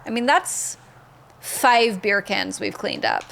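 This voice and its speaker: A woman's voice: mid-range voice, expressive, slow pace, gravelly, a bit bright, a little hiss or hum. A young woman streaming a video game, chatting in an upbeat way and thanking viewers by name. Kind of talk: casual live-stream commentary.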